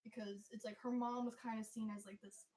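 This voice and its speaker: A high school senior talks through a film she loves, her voice pitched a little high for a young woman. She fills her speech with "like" and acts out bits of the scenes as she goes. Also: flat delivery, fairly quick, darkish tone, poor audio. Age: teens. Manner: chatty, many "like" fillers, acts out film scenes. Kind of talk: casual chat.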